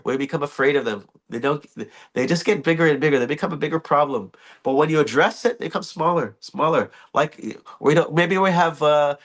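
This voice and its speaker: A man leading a morning scripture class in a temple, telling stories in an animated, chuckling, loosely phrased way. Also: on the high side. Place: temple hall.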